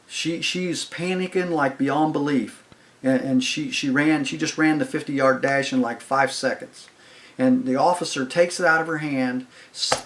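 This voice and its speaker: An older man casually telling a long anecdote in a rambling, conversational way, full of fillers and "I was like". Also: mid-range voice. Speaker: channel host telling stories. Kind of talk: casual storytelling.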